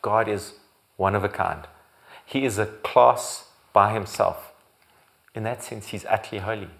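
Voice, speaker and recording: A man's voice: on the low side, steady tone, a little slow, vocal fry. Emphatic preacher, man. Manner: emphatic preaching, swelling louder on repeated phrases; occasional restarts and self-corrections. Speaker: pastor. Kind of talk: sermon.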